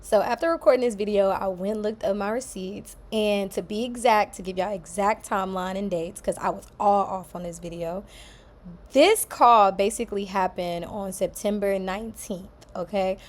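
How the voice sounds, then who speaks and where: A woman's voice: mid-range voice, fairly even intonation, moderate pace. A young woman in her twenties chatting casually as she tells a personal story, acting out what others said. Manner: chatty, quotes others in acted voices. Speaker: vlogger. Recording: echoey room.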